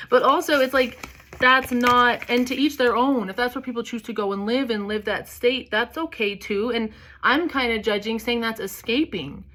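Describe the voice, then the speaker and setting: A woman with a fairly high voice, giving a tarot reading in a loose, chatty way. She speaks candidly, drops curse words freely and fills her talk with casual asides. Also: normal speed, a bit bright, slight background noise. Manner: chatty, candid, swears freely, many fillers. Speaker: tarot reader. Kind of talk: casual spiritual reading monologue.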